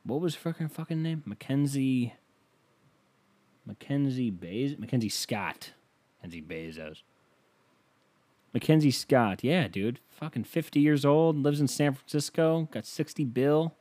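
A man's voice: medium pitch, animated, unhurried, mellow, dry recording. Podcast host, male, profane and self-amused, dry close mic. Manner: profane, riffing, self-amused, voice jumping up when worked up. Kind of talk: casual solo podcast rant.

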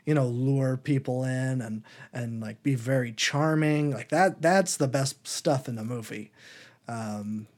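A young man rambles through a casual movie chat on a podcast, full of ums and likes. He keeps slipping into a high mocking voice to act out lines. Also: a little mellow. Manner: rambling, lots of fillers, acts out silly quotes in a high voice. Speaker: podcast co-host.

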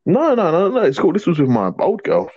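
A man's voice: sits high, big pitch swings, quick pace, no room sound, lo-fi sound. A young man co-hosting a casual podcast, jokey and swearing, often restarting his words. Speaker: podcast co-host. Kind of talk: casual chat.

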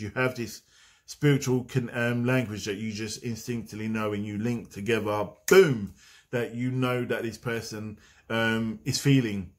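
Brief: man, mid-pitched, loose conversational vlog delivery that wanders off on tangents. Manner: meandering, conversational, drifting off on tangents. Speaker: spiritual vlogger. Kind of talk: casual spiritual talk to camera.

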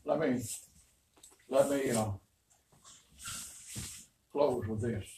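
A man's voice: mid-range voice, drawn-out words, dark tone. An older man, a pastor, preaching a storytelling sermon in a folksy, rambling, emphatic way. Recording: roomy, distant, faint noise.

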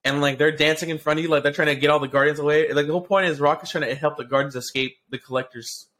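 This podcast co-host speaks rapid-fire in a fairly high-pitched voice. He's an excitable, profane storyteller, spinning a long, rambling tale on a casual show, packed with swearing, restarts and fillers.

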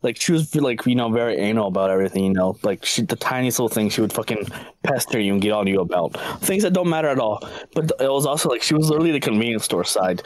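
A man's voice: mid-range voice, animated, fast talker, low-quality recording. A man on a casual podcast, telling a crude work story full of profanity and laughter. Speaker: podcast co-host.

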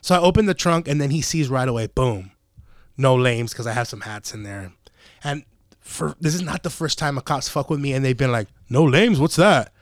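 A young adult man hosting a podcast, telling a story in casual, profane chat and acting out the quotes with lively energy. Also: mid-range voice, a little fast, dry recording, studio quality. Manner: profane, animated, acts out quotes. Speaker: podcast host.

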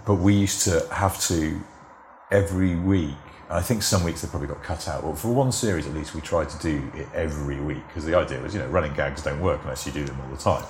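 A middle-aged man, a television script editor, chatting as a guest and telling lively anecdotes with laughter. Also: rumbling low, a little fast, echoey room, slight background noise. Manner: chatty anecdotes, acts out quoted voices, frequent laughs. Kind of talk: casual conversational interview.

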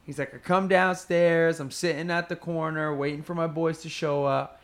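A man's voice: a little high, moderate pace. A man chatting casually, telling a story full of swearing and acted-out quotes. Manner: profane, animated storyteller who acts out quotes.

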